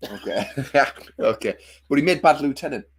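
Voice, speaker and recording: A man's voice: mid-range voice, animated, moderate pace, slightly rough. A man co-hosting a livestream in casual chat, laughing often and swearing freely as he banters. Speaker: livestream co-host.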